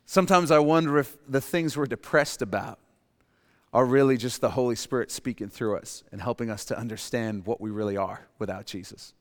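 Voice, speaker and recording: A man preaching a sermon as pastor, swinging between forceful rises and quiet, emphatic drops. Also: medium pitch, a little fast. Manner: dynamic preaching, dropping to quiet emphasis and rising for acted quotes. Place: church sanctuary. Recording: long hall reverb.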